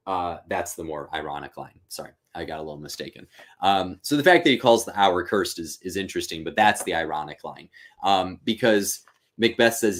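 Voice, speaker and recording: Man, host, live lesson commentary, casual, thinking aloud, lowish voice. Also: expressive, normal speed. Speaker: teacher and host. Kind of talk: live-streamed reading and commentary.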